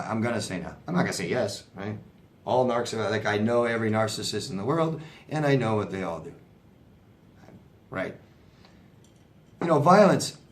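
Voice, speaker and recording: A man answering viewer questions as a relationship coach, in a conversational, sympathetic way, often asking "right?". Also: on the low side. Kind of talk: casual advice talk.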